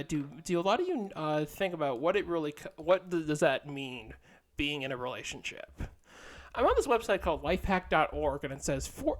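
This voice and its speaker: Rambling young man, a bit high-voiced. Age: young adult. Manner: rambling, self-deprecating, frequent restarts and fillers; swears casually. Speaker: vlogger. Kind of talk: casual rambling monologue.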